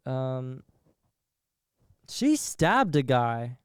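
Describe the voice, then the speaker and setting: A man's voice: medium pitch, sing-song, very slow, pauses often, smooth, no room sound, clean studio sound. A young man hosting a solo podcast, talking in a rambling, profane way and laughing at his own jokes. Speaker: podcast host.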